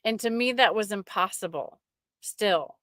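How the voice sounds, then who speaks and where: A middle-aged woman sharing a personal faith testimony with an online audience, emotional and halting, often restarting her sentences. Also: mid-range voice, a bit bright, no echo, clean studio sound.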